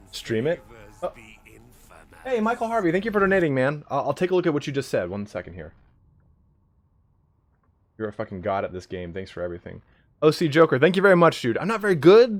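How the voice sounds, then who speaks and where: A man hosting a live stream, chatting casually with viewers in a joking, profane way. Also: mid-range voice. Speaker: livestream host of a game league.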